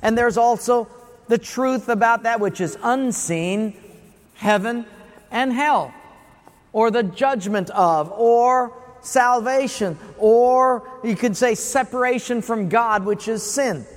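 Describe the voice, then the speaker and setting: High-voiced preacher in an echoing hall. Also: male voice, takes it slowly. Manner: rhetorical questions and acted-out voices. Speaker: pastor. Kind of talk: sermon. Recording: long reverb of a large hall.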